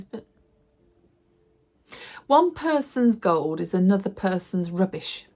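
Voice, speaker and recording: A middle-aged woman, chatting to camera in a casual vlog and telling stories with lively acted quotes. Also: medium pitch, takes it slowly, long pauses. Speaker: lifestyle vlogger.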